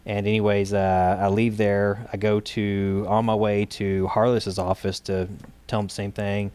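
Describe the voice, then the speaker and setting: Low-voiced man telling a story. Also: flat delivery, a little slow, darkish tone, clean tone. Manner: talks in loose runs with frequent fillers and restarts. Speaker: guest, state director of a gun rights group. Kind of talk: casual interview storytelling.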